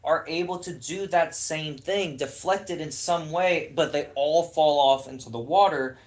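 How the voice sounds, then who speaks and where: Casting: young man, slightly high voice, heated and sarcastic rant, swears freely. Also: a little slow. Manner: heated, profane, sarcastic ranting. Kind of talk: casual ranting chat.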